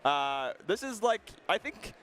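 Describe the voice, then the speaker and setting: A man's voice: sits high, sing-song, a bit bright. A man doing casual commentary on a live stream, teasing his co-host and breaking down the players. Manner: teasing, quick banter, analytical about players. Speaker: esports commentator.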